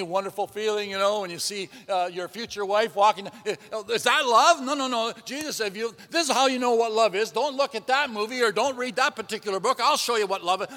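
High, bright-voiced preacher in a hall. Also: male voice. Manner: lively, swings from loud to hushed, chuckles, repeats words. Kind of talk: sermon.

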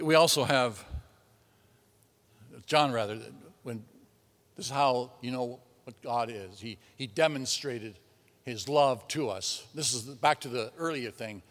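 High, bright-voiced preacher in a hall. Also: male voice. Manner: lively, swings from loud to hushed, chuckles, repeats words. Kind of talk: sermon.

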